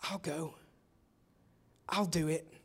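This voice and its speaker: A preacher voicing a small, humble hobbit who volunteers in a very quiet, tentative voice. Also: male voice, sits high, animated, takes it slowly, husky, exaggerated voice. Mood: quiet resolve.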